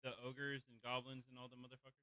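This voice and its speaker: A man playing a tabletop game, eager and quick to change his mind. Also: medium pitch, completely flat delivery, pushed and bright, no echo. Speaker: player.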